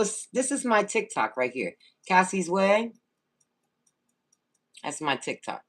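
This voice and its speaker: Lively husky woman chatting on a livestream. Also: mid-range voice, moderate pace, pauses often. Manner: lively, greets viewers by name, talks to chat. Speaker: livestream host. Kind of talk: casual livestream chat. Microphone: phone.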